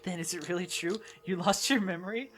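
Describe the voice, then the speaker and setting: A woman's voice: lowish voice, brisk, faint music behind, close to an everyday voice. A woman reading the lines of an earnest, anxious teenage boy student who keeps asking questions. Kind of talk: reading game dialogue aloud.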